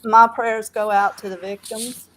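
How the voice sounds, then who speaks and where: Her voice is fairly high and slightly bright, with little pitch movement, and the low-quality audio carries a faint hiss or hum. Calling in to a live stream, this Southern woman chats casually and earnestly, stumbling through frequent fillers and restarts.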